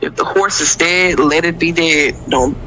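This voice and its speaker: A man's voice: on the high side, measured pace, pushed and bright, a little hiss or hum, poor audio. A man in a confrontational rant, taunting and insulting in casual slang.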